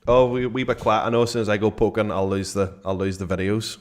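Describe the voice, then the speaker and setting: A man's voice: on the low side, little pitch movement, fast. A man hosting a live stream, easygoing and laughing, stumbling over his words. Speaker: podcast host. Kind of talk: casual live-stream banter.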